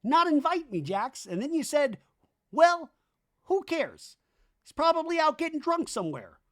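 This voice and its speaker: A man voicing an excitable, accusing man in a high, shouty, wounded tone. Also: measured pace, full character voice. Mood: indignant.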